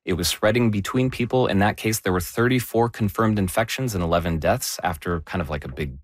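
A man presenting health news in a measured, explanatory way, stressing key words. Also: lowish voice, dry recording, studio quality. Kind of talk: conversational news discussion.

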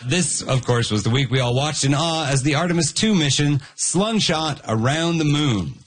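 Husky-voiced man hosting a comedy quiz. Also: on the high side, expressive, normal speed. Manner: jokey, reading headlines. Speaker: quiz show host.

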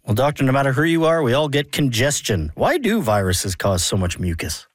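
A man's voice: mid-range voice, very animated, brisk, no echo. A man hosting a radio interview, asking short conversational questions. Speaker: radio host.

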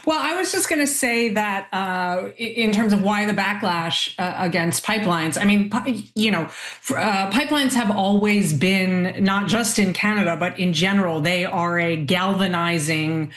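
A woman's voice: mid-range voice, moderate pace, a bit bright, echoey room. A woman speaking as a panel guest, hesitant with many fillers and restarts. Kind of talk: panel discussion.

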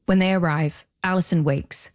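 A woman hosting and narrating a documentary podcast in a measured, scripted delivery. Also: on the low side, fairly even intonation, a little mellow.

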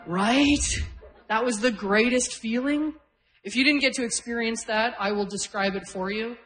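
A woman in her forties from Canada works the crowd in a stand-up set. She tells brash, self-deprecating stories about her family and growing up, pitched at an ordinary middle height. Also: moderate pace, rough recording. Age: 40s. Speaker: stand-up comedian. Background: audience laughter.

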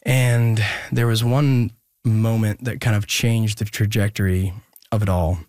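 A man's voice: on the low side, flat delivery, darkish tone, dry recording, clean studio sound. Earnest young man telling his story. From Oregon, US. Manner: earnest, hesitant, many pauses and restarts. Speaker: interview guest, musician. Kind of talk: personal storytelling in an interview.

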